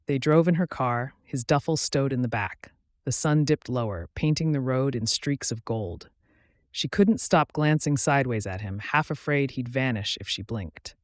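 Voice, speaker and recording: A man narrating a romance audiobook in a soft, intimate, unhurried way on a close studio mic. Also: mid-range voice, dry recording.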